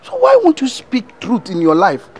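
A man's voice: high-pitched, wildly swooping pitch, normal speed. A man voicing an exasperated friend who scolds and mocks a liar, with a Ghanaian accent, in a comic cartoon dub. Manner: scolding, shouting, mocking.

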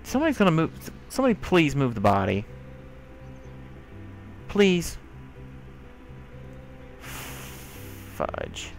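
A man's voice: on the high side, wildly swooping pitch, normal speed, long pauses, faint music behind. A man giving let's play commentary, exasperated and scolding the characters in his game. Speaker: gamer.

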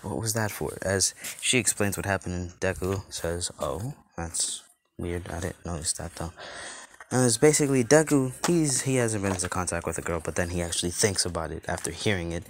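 Low-voiced man rambling through a story. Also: a bit bright, slight background noise. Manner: rambling, many fillers and restarts. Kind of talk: casual fan-story retelling.

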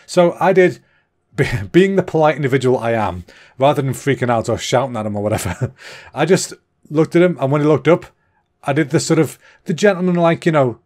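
A man's voice: medium pitch, lively intonation, a little fast, darkish tone. A young man hosting a comedy podcast, telling a rambling, self-deprecating story with plenty of swearing.

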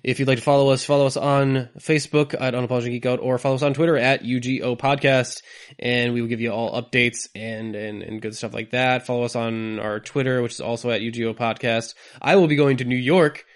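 A man's voice: medium pitch, steady tone, brisk. A man hosting a casual podcast, talking in a chatty way with laughing asides. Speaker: podcast host.

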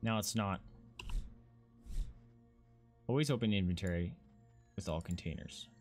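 A man doing casual let's-play commentary, swearing and excitable as he talks to himself and his viewers. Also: low voice, unhurried, soft background music. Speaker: gaming streamer.

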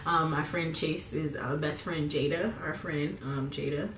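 A woman's voice: sits low, fairly even intonation, unhurried, echoey room, distant mic, a little hiss or hum. A young woman chatting in a rambling, casual way full of fillers while getting ready on camera. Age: young adult. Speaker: beauty vlogger. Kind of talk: casual get-ready-with-me chat.

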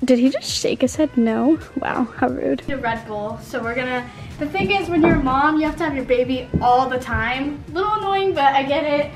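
A woman's voice: high voice, normal speed, over music. A young woman vlogging casually, bubbly and giggly, slipping into a sing-song voice for a baby and getting out of breath. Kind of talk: casual vlog narration.

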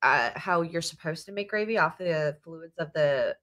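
A woman co-hosting a casual live stream, animated and laughing along with the others. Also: deep voice, normal speed. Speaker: stream co-host. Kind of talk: casual chat.

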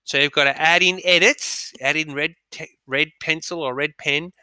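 A man's voice: fairly high pitch, steady tone, moderate pace, bright, forceful tone, clean tone, no echo. A man teaching a dictation lesson to pupils, upbeat and chatty, with frequent ums between his instructions. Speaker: primary school teacher. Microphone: recorded audio, speaker not seen.

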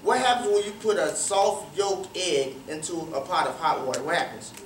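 Casting: a calm, patient chef dad, as a high-voiced man puts him on in a storybook tale, heard from across a roomy hall. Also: moderate pace, a little hiss or hum. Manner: calm, guides with questions. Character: patient, wise father who is a chef. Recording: roomy, distant, faint ambience.

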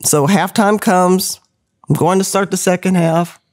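A woman in her fifties telling a story as a podcast guest, lively, laughing often and acting out the people she quotes. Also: lowish voice, measured pace. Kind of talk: animated storytelling.

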